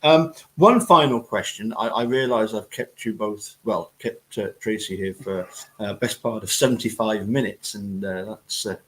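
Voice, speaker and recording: A man's voice: lowish voice, normal speed, hardly any pauses, poor audio. Stammering male host on a live chat. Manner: hesitant, stammering restarts. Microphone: video call.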